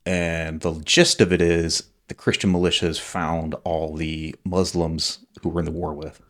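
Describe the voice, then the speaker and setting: Man in his 40s, very low voice, loose rambling storyteller who swears a lot. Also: flat delivery, unhurried. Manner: rambling, leans on "like" fillers, swears freely. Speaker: podcast guest, military veteran. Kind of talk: casual conversational storytelling.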